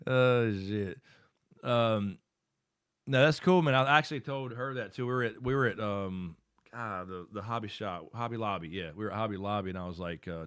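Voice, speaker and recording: A middle-aged man hosts a live stream from his home setup in a casual, rambling way. He thinks aloud as he works his screen. His voice sits low and sounds dry and close, with no room echo. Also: normal speed, a bit bright, smooth.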